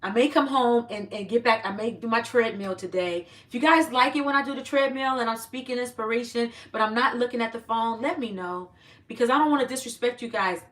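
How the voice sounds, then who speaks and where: A woman's voice: on the high side, brisk, a bit bright, far from the mic. Chatty woman on a phone livestream. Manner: chatty, greets viewers by name, uplifting. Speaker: livestream host. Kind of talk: casual live-stream chat.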